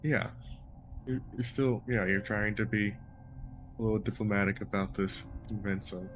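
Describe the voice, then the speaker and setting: A man's voice: on the low side, fairly even intonation, normal speed, noisy background. A man acting as game master, narrating a tabletop game in a loose, casual way full of filler words. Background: background music.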